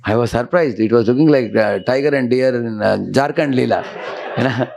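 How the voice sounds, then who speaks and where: A man's voice: mid-range voice, normal speed, vocal fry, a little mellow. A monk giving a devotional lecture in a conversational way, often checking in with his listeners.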